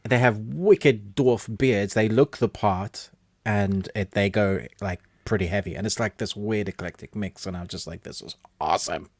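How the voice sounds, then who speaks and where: Brief: male podcast co-host, lowish voice, dry close sound, upbeat chatter. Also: unhurried, darkish tone, no echo. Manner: chatty and enthusiastic, with frequent laughs. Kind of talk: casual chat, reading out viewer comments.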